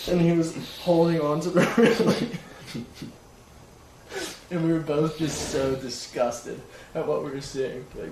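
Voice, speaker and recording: A man's voice: fairly high pitch, unhurried, distant mic. A young man in his twenties telling a casual story on a livestream, laughing often and saying "like" a lot. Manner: animated, laughing, lots of "like". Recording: roomy, from the mic, noisy.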